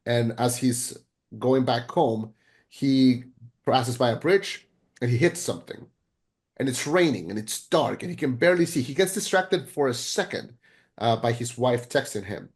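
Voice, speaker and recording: A man co-hosting a podcast, chatting casually and excitably about a film, rambling with frequent restarts and casual swearing. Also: mid-range voice, moderate pace. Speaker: podcast co-host. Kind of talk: casual film review chat.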